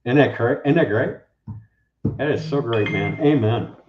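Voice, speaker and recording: A man guest preaches in casual chat, lively and acting out quoted speakers. His voice sits at a middle pitch. The recording is roomy and dull, like a lo-fi line. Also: moderate pace, background noise. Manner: animated, acts out quoted speakers. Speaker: guest, Bible teacher.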